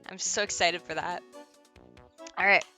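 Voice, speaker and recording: A woman's voice: fairly low pitch, fairly even intonation, a little slow, sharp tone, faint music behind. A woman streaming a game, chatting casually and giggling as she answers chat.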